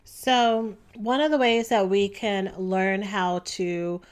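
A young adult woman hosting a solo podcast, talking casually and relaxed, with frequent ums. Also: mid-range voice, slow. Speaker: podcast host.

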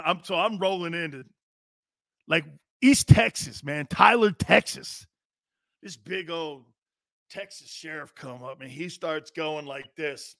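A man's voice: a little high, no room sound, studio quality. A man hosting a sports talk show, ranting casually and brashly to his viewers. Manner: brash, animated, talks straight to viewers.

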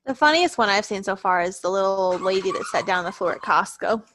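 A woman in casual chat, blunt and quick to laugh as she tells a story. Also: mid-range voice, lively intonation, a bit bright, slight background noise. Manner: blunt, laughs while telling stories.

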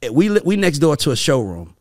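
A man's voice: a little high, fast talker. A man hosting a casual podcast, joking and acting out quotes in playful voices. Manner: animated, acts out quotes in funny voices. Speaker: podcast host.

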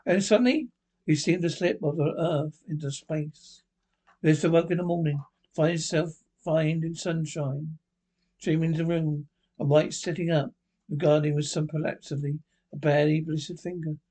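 Reading a ghost story aloud, a man narrates haltingly, going back over words he gets wrong. He has a slightly high, slightly mellow voice.

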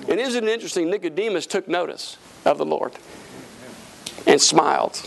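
A man with a notably high-pitched voice preaches to a church congregation. He delivers a folksy, humorous sermon full of call-and-response prompts that draw answers from the pews. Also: big pitch swings, brisk, creaky. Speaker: pastor.

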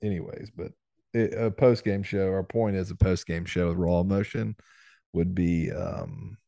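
A man's voice: low-pitched, steady tone, normal speed, vocal fry, warm tone, dry recording, studio quality. A man, co-hosting a casual sports podcast, laid-back, laughing often and trailing off. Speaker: podcast co-host, former football player.

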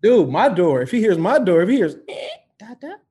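A man stand-up comedian telling stories in casual podcast chat, animated and full of swearing. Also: high voice, fairly quick. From Chicago area. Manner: profane, animated storyteller.

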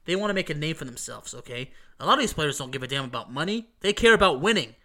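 Excitable high-voiced man, allergy-stuffy. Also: quick pace. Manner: emphatic, repeats himself, swears, asks "okay?". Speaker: football fan recounting a match. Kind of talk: excited casual storytelling.

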